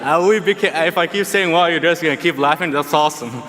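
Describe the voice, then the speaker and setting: A man's voice: fairly high pitch, fast talker, bright, forceful tone, slight background noise. A young man from Egypt with an Egyptian Arabic accent, giving a humorous, earnest commencement speech in a large arena. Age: young adult. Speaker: student commencement speaker. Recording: long arena reverb.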